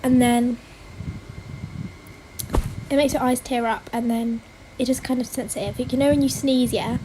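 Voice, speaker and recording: Teenage girl, English accent, high-pitched, chatty livestream talk, loud noise behind her. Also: steady tone, normal speed. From Britain. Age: teens. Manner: chatty, giggly, says "like" and "mate" a lot. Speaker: livestream host. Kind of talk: casual livestream chat reading comments. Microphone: phone.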